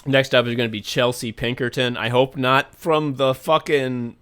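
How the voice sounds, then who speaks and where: A man co-hosting a podcast in casual comedic chat, reading patron names with deadpan absurd jokes. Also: medium pitch, normal speed, clean tone. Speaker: podcast co-host.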